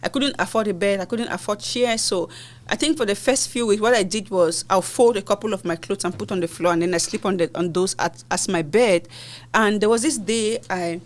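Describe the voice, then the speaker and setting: A woman's voice: medium pitch, a little fast. A woman from Cameroon, a podcast guest, earnestly and expressively recounting personal hardships in conversation.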